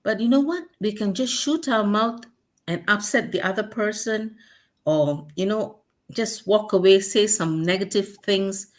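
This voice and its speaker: A woman's voice: mid-range voice, measured pace. A woman hosting a talk show, speaking earnestly and repeating key words for emphasis. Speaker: host. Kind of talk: casual chat.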